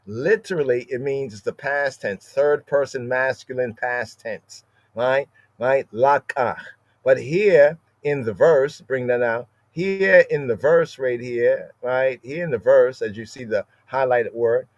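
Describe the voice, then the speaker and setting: A man's voice: medium pitch, a little mellow, dry recording, dull audio. A man teaching an informal scripture lesson, explaining Hebrew words and often checking in with "right?". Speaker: Bible study teacher.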